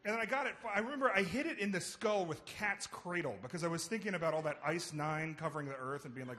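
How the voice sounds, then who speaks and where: Guy doing stand-up storytelling on stage, bright tense voice, kinda high. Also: a little fast. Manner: animated, swings into acted quotes. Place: theater stage before an audience.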